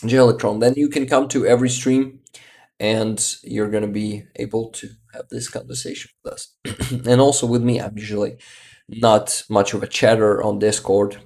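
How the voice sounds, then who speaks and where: A man chats on his livestream, reading viewer comments aloud. His voice is gravelly with a mellow, relaxed tone. He talks slowly and often pauses to search for a word. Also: lowish voice. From Ukraine. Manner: unhurried, searches for words, laughs often. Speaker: livestream host.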